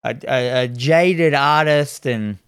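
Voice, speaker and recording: A man, casually reviewing horror films with a co-host, animated and swearing freely as he retells scenes. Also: medium pitch, slow pace, clean tone, no echo, clean studio sound. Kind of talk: casual film review chat.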